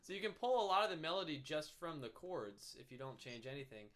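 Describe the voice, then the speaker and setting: A man giving a relaxed music lesson, explaining soloing with fillers and now and then humming or singing a snippet. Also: a little high, fast talker. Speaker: music teacher. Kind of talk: casual instrument lesson. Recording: faint guitar music behind.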